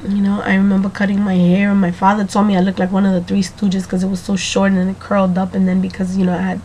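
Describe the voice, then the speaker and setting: A woman keeping a casual video diary, chatty and rambling, talking straight to the viewer, slightly hoarse from allergies. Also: mid-range voice, monotone, fast, hardly any pauses, warm tone, a little hiss or hum.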